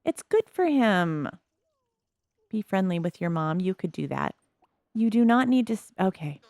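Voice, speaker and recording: A woman's voice: lowish voice, animated, moderate pace, gravelly, warm tone, no echo. A woman giving casual, amused commentary on her life-sim game as a video host. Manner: chatty, amused, narrates the characters' thoughts.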